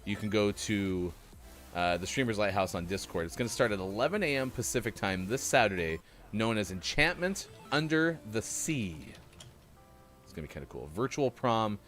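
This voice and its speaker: A man's voice: fairly low pitch, animated, normal speed, a bit bright, soft background music. A man hosting a morning show, chatting casually and reading out birthdays in a jokey, self-mocking way.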